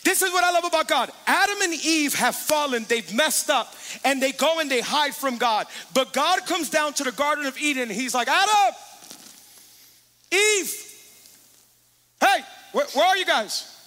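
A middle-aged man preaching a sermon as pastor, emphatic and energetic, calling out to the congregation. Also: very high-pitched, fairly quick. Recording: long hall reverb with music underneath.

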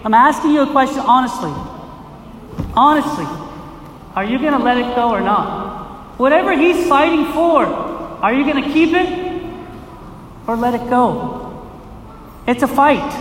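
A middle-aged male pastor preaching a lively sermon, acting out voices and questioning his listeners, recorded from a distance in a community center hall. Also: very high-pitched, a little hiss or hum. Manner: animated, acts out quoted voices, asks the crowd questions. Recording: echoey hall, voice from far off.

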